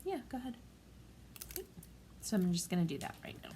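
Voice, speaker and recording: A woman in her forties talking through a craft tutorial at home in a gentle, calm, chatty way. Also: lowish voice, a little fast, slight background noise. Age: 40s. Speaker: craft vlogger.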